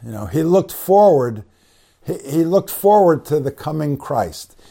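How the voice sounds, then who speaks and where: Gravelly, mellow man teaching scripture. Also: on the high side, sing-song. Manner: conversational, many fillers and restarts; spells out Greek words slowly. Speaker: preacher. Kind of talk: bible teaching sermon.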